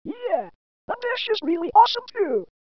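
A woman's voice: extremely high pitch, very animated, moderate pace, dry recording. A woman voicing Tails, a cheerful young fox. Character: young male fox sidekick, easygoing. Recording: dry, dull lo-fi home recording.

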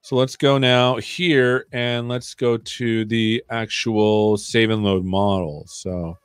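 A man's voice: on the low side, steady tone, slow pace, smooth, no echo. Chatty man live-coding, dry close sound. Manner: chatty, jokey, thinking aloud while typing. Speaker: host of a live coding stream. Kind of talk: casual live-coding chat.

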